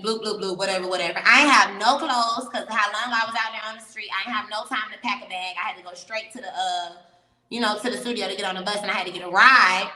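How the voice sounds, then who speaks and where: Lively profane woman telling a story. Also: medium pitch, brisk, roomy sound, in a large hall, rough recording. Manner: animated, profane, laughs often. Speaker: interview guest. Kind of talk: casual storytelling.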